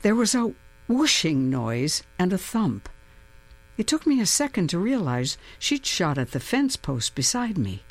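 A woman narrates a first-person story as an audiobook. Her delivery is unhurried and deliberate. Her pitch moves widely and expressively, and it tightens as the suspense builds. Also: sing-song.

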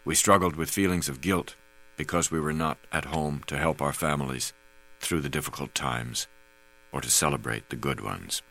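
A man narrates an audiobook memoir in a calm, measured way. His voice sits very low with a gravelly, fry-laden edge throughout. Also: rough recording. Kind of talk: scripted narration.

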